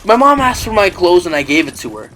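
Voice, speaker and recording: A man's voice: high voice, big pitch swings, quick pace, pushed and bright, a little hiss or hum. A young man telling a story in a casual, rambling way, full of 'like' and 'you know'. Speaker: vlogger. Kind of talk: casual story-time chat.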